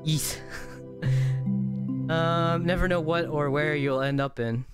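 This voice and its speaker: A man's voice: a little high, fairly even intonation, normal speed, loud music behind the voice. A man streaming from home in VR, chatting loosely, swearing often and laughing easily. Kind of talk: casual livestream chat. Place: home room while playing VR.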